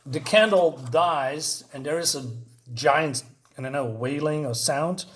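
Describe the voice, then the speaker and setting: A man's voice: on the high side, measured pace, fairly bright tone. Hesitant man reviewing a comic. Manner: hesitant, many fillers while retelling a plot. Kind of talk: casual video review.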